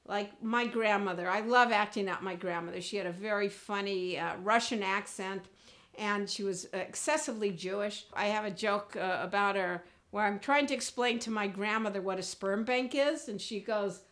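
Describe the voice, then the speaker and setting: A woman teaching comedy and public speaking in an animated, demonstrative way, acting out examples as she goes. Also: medium pitch, normal speed. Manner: animated, demonstrative, jumps into character voices. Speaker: speaking coach. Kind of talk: comedy presentation lesson.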